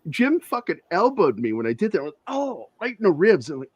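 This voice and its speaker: Animated, swearing man telling stories. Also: high-pitched, quick pace, few pauses, husky. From Virginia, USA. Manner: animated, profane anecdotes with lots of laughter. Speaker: interview guest, comic creator. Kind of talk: casual storytelling.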